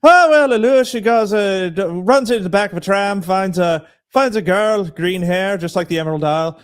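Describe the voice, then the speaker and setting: A man's voice: on the high side, very slow, creaky, full character voice. A man putting on a hammy Irish-accented storyteller voice that keeps slipping while he recaps a story. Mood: mock storytelling.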